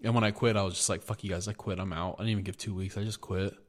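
A man with a fairly low voice rambles through a story on a podcast, swearing freely and talking casually. He co-hosts the show and sounds like he is just chatting with a friend. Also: steady tone, rapid-fire. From United States. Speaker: podcast co-host. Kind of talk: casual chat.

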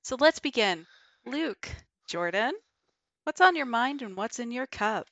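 A woman's voice: a little high, expressive, unhurried, a bit bright, no echo. A woman hosting a podcast, opening the show with a wry introduction. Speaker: podcast host. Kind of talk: podcast intro and casual chat.

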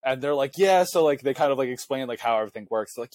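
Co-hosting a podcast, this young college student and section leader talks fast with lively intonation and a slightly mellow tone, with no room sound. His casual chat turns into a meandering story stuffed with "like" and filler words.

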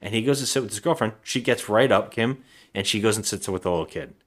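A man with a fairly low voice co-hosting a podcast, recapping a trashy movie in a loose, rambling way. He slips into quick impressions of the characters as he goes. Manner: rambling, acts out lines in voices. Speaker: podcast co-host. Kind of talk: casual movie recap chat.

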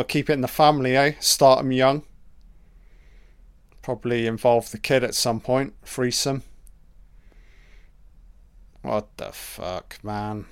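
A man talks through a movie in a crude, sarcastic commentary full of swearing. He speaks unhurriedly, with long gaps between his words. His voice is smooth and clear. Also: medium pitch, no room sound, clean studio sound. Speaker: film commentator. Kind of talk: casual film commentary. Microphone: home mic, audio only.

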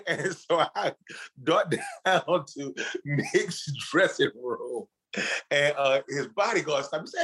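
A man telling a story as an interview guest, his voice sitting a bit high for a man. He talks in loose, profane street slang. He slips into quick acted-out voices for the people in his tale. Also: breathy edge, low-quality recording. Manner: animated storyteller, acts out quotes with laughs.

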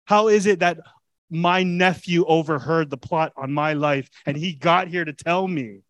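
A man voicing an eager male apostle in a prison cell, musing aloud with excitement. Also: mid-range voice, fairly quick, slightly rough, no echo, voice pushed down. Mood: excited.

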